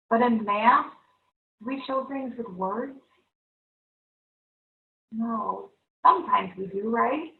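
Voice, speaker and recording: A woman teaching a televised math lesson to young students, upbeat and coaxing, constantly checking in with the class. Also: fairly high pitch. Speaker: third-grade teacher. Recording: echoey room, far-off, thin phone-like sound.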